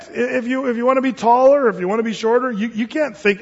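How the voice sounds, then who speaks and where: High-voiced husky preacher in a reverberant hall. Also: male voice. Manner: storytelling, folksy and joking, reads scripture slowly. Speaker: pastor. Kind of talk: sermon. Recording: dull lo-fi sound with long hall reverb.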